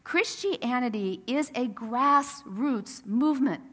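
A woman's voice: fairly high pitch, expressive, slow, fairly bright tone. A woman pastor preaching a sermon in a casual, storytelling way, acting out the quotes. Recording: long reverb of a church sanctuary.

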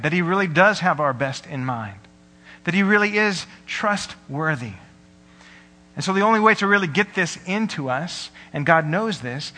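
A man's voice: on the high side, pushed and bright. A young man preaching a sermon, telling stories earnestly and voicing the people in them, sounding tired. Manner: earnest storytelling with quoted voices. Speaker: pastor. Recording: long hall reverb.

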